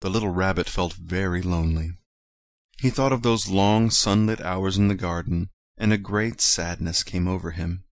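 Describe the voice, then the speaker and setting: A man reading a children's storybook aloud in a gentle, measured way. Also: sits low, no room sound, clean studio sound.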